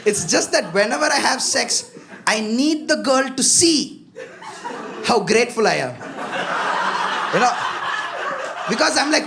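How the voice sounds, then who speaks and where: A young man performing a self-deprecating stand-up comedy set on a comedy club stage, animated and acting out quoted voices, into a handheld stage mic. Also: extremely high pitch, a little slow, gravelly, pauses often, noisy background.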